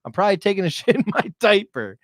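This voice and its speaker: A man's voice: sits high, very animated, fast, dry recording, studio quality. A man in his thirties telling stories in casual chat as a podcast guest, swearing freely and laughing often. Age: 30s. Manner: profane, laughing storyteller.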